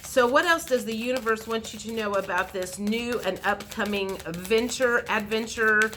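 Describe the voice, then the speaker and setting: Bright, chatty woman reading tarot. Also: a little high, normal speed, a little hiss or hum. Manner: chatty, repeats words, acts out quoted reactions. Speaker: tarot reader. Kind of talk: intuitive tarot reading monologue.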